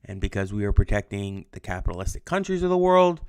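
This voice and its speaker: A man's voice: on the low side, big pitch swings, fast, smooth. A young adult male history teacher giving a casual livestreamed lesson, chatty with lots of ums, answering viewer comments. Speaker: high school history teacher.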